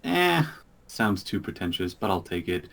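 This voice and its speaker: A man narrating a tabletop game as game master over an online call, halting with many fillers. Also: low-pitched.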